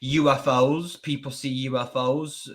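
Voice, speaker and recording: A man's voice: mid-range voice, little pitch movement, measured pace, a crowd in the background. A man hosting a podcast, asking loosely phrased questions in casual conversation. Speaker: podcast host.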